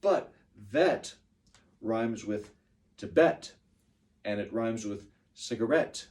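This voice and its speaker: A man's voice: medium pitch, a little mellow, far from the mic. A middle-aged man teaching pronunciation to a class of children, patiently explaining words and chanting the beats. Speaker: ESL teacher.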